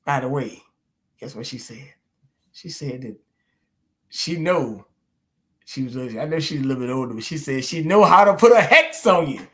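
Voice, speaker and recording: Casting: middle-aged male host, relaxed storyteller, drawling, mid-pitched. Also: normal speed, long pauses. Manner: laid-back, storytelling, laughs often, drawls. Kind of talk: casual chat.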